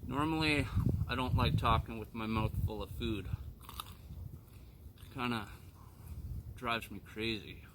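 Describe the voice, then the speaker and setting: A man's voice: mid-range voice, fairly even intonation, slow, long pauses, noisy background. A young man rambling casually to his camera outdoors on rural land, loose and self-deprecating. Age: young adult. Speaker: vlogger.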